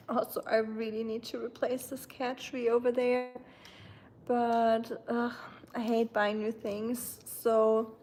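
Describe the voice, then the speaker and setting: Woman in her thirties, livestream host, casual rambling chat, mellow higher voice. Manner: chatty, rambling, with frequent fillers. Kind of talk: casual chat reading viewer comments.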